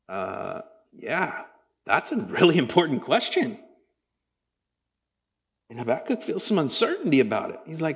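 Male pastor, casual sermon delivery with lively pitch swings, echoing hall sound. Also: normal speed. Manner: conversational preaching with big pitch swings, acts out quoted voices. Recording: long hall reverb.

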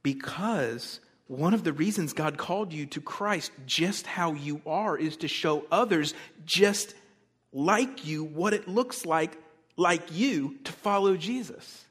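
Pastor guy preaching, kinda high voice, chatty, gets loud then goes real quiet. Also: slow pace, husky. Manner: conversational preaching, shifting between loud emphasis and soft asides. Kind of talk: sermon.

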